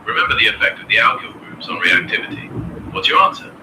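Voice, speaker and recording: A man's voice: fast, echoey room, distant mic, noisy background. A computer voice of a man acting as a chemistry tutor, polite and formal as he quizzes a student.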